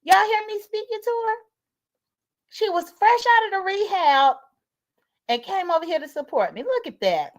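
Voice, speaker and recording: Very high-pitched woman streamer. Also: expressive, moderate pace, long pauses. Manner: thanks viewers by name, chatty. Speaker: livestreamer. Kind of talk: casual livestream commentary.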